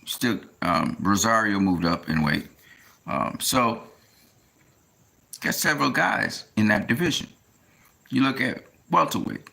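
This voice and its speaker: A man talking casually in a rambling monologue, often pausing with fillers as he tries to recall names. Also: on the low side, expressive, creaky, pushed and bright. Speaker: boxing commentator.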